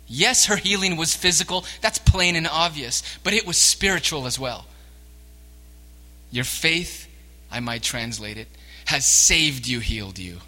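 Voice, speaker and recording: A man preaching a sermon as pastor, swinging between hushed words and emphatic lines. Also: a little high, lively intonation, measured pace. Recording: long reverb of a church hall.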